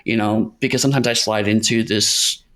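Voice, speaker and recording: A man hosting a podcast, speaking in a reflective, measured way. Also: on the low side, fairly even intonation, a bit bright. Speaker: podcast host, game designer. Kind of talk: casual podcast chat.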